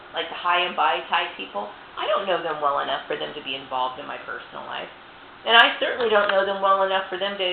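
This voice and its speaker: A woman delivers an angry personal rant, profane and indignant, tossing in "you know" again and again. Her voice has a gravelly, fried edge. The sound is tinny and phone-like, with room echo and faint hiss behind it. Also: on the low side.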